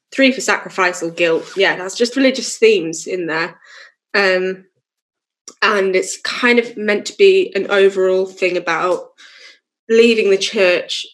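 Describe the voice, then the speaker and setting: A young woman musician chatting casually in an interview, with lots of fillers and easy laughter. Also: lowish voice. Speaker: musician guest.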